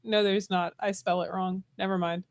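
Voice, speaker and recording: A woman's voice: mid-range voice, flat delivery, moderate pace, dry recording. A woman who is coming down with a cold and losing her voice, chatting dryly and self-deprecatingly on a talk show. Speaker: regular guest professor. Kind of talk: casual call-in chat.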